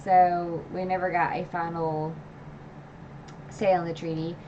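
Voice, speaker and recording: A woman's voice: lowish voice, flat delivery, unhurried, warm tone, slight background noise. Chatty woman recapping a book. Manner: chatty, full of filler "like"; retells scenes with emotional asides and laughs. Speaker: book channel streamer. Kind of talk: casual livestream book recap. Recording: dull lo-fi stream audio.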